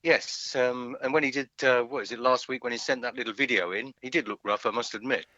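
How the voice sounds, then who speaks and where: A man calling in to a chat show from his den at home, talking in a relaxed, easygoing way. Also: medium pitch, fairly quick, dry recording. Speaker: caller. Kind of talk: phone call to a chat show. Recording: dull phone line.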